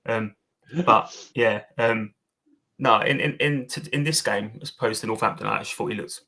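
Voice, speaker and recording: A man's voice: fairly low pitch, a little fast, creaky, sharp tone, slightly rough. A man co-hosting a casual fan podcast, giving blunt opinions, swearing and calling his co-host mate. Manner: blunt, matey, swearing, says mate a lot.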